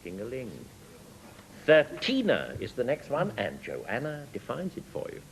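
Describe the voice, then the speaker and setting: A man's voice: medium pitch, huge pitch swings, measured pace, creaky, rough recording. An older man chairing a panel quiz show, announcing in a wry, theatrical manner. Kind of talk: hosting a panel game. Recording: broadcast TV with audible hiss.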